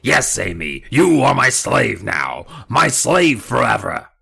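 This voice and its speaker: A man voicing an evil male ventriloquist dummy, taunting with a put-on gravelly New York rasp and cackling threats. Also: mid-range voice, very animated, slow pace, bright, forceful tone, pitched above the performer's own voice, full character voice. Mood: menacing. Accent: put-on gravelly New York or New England.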